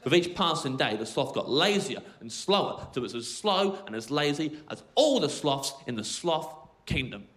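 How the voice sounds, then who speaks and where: Stand-up man, high, animated, sardonic rambler, echoey club with a noisy crowd. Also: moderate pace. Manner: absurd rambling storytelling, sardonic. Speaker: stand-up comedian. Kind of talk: stand-up comedy. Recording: roomy club sound with loud crowd.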